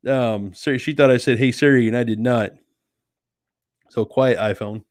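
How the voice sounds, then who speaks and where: A man's voice: mid-range voice, moderate pace, darkish tone, slight background noise. Laid-back man chatting on a live stream. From United States. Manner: easygoing, chatty, calls viewers sweetie and dude. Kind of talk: casual chat reading viewer comments. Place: home at night.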